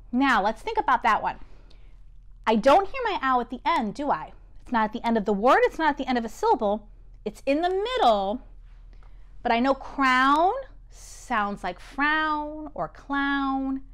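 A woman with an American accent teaching a children's spelling lesson, encouraging and sounding words out slowly. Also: fairly high pitch, a bit bright.

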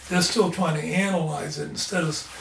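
A man's voice: on the high side, steady tone, fairly quick, creaky, a bit bright, slight background noise. A man and lay preacher telling his experiences in an interview, earnest and fervent. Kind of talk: storytelling in an interview. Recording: echoey room, distant mic, faint ambience.

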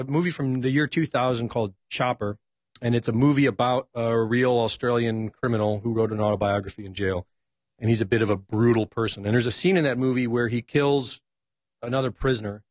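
A man's voice: medium pitch, no room sound. A man speaking as a talk show guest, reflective and hesitant, with many ums and uhs. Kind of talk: casual political talk.

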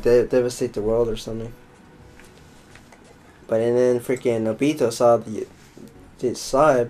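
Over gameplay, a young man with a mellow, mid-range voice chats casually as a let's play host. He rambles, plays around, and calls his viewers folks, and the recording quality is low.

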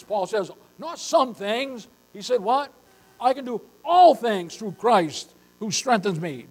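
A man's voice: high-pitched, animated, takes it slowly, a little mellow, rough recording. An older man preaching a sermon as pastor, emphatic and repeatedly calling his listeners beloved.

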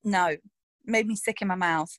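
A woman's voice: mid-range voice, moderate pace, fairly bright tone, dry recording. A woman actress talking frankly in a casual interview, laughing often. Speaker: actress interviewed about her roles.

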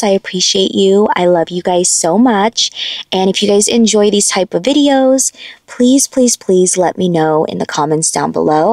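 A woman's voice: on the low side, creaky, darkish tone, dry recording. A young woman hosting a mukbang, chatting casually to viewers between bites into a close mic. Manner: chatty, tasting food between lines, addresses viewers as friends. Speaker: mukbang host. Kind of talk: casual eating-show chat to viewers. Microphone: close mic that picks up swallowing.

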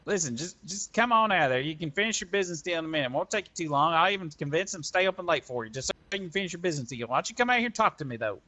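A man with a high, bright voice playing a police officer in an improvised game role-play. He talks in a folksy, down-home way and keeps pressing to negotiate. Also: lively intonation, rapid-fire, hardly any pauses.

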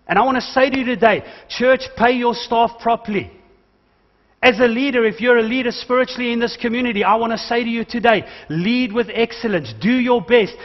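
High-voiced pastor preaching in a hall. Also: male voice, brisk. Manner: preaching with jokes, emphatic calls to the congregation. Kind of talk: sermon. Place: church hall. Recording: dull church recording with long hall reverb.

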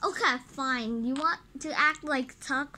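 A woman's voice: high voice, sharp tone, slight background noise. Woman doing a pushy potato superhero. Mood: urgent. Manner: urgent, bossy, quick to fight. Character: brave, impatient male potato superhero.

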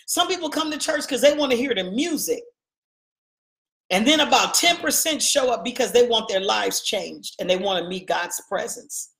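A woman with a high voice preaching a sermon. She hammers on repeated phrases in an emphatic call-and-response style. The room rings with echo around her. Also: animated, normal speed, creaky, a bit bright. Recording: echoey room.

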